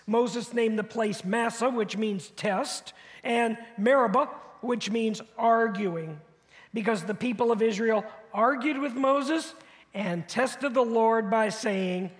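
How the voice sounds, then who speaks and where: Very high-voiced preacher in a reverberant church. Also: male voice. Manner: conversational preaching with rhetorical questions and repetition. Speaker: pastor. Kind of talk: sermon. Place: church sanctuary. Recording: long hall reverb.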